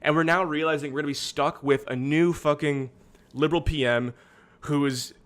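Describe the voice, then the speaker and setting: A man's voice: a little high, fairly even intonation, moderate pace, fairly bright tone. Rambling man streaming. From Canada. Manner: rambling, profane, exasperated. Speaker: streamer host. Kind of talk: casual livestream commentary. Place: studio.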